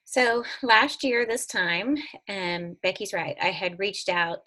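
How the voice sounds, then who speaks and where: A woman guest recounting her family's story in an interview, earnest and animated, her voice leaping up when she stresses a point. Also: slow pace. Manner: earnest, animated, with sudden leaps in pitch when emphatic.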